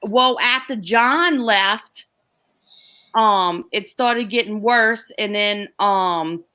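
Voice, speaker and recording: A woman's voice: mid-range voice, drawn-out words, sharp tone, clear, resonant tone. A woman chatting casually on a livestream, laughing often and acting out what she said. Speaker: livestream guest. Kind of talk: casual chat.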